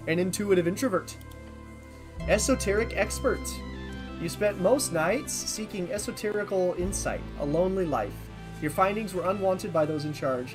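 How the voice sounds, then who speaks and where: Streamer reading game text aloud. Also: medium pitch. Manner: reads on-screen game text aloud, then muses and thinks out loud; stumbles over unfamiliar words. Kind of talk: casual let's-play commentary.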